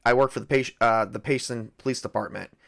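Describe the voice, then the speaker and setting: A man voicing a calm, defiant police officer who stands his ground. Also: medium pitch, brisk, gravelly. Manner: steady and unyielding.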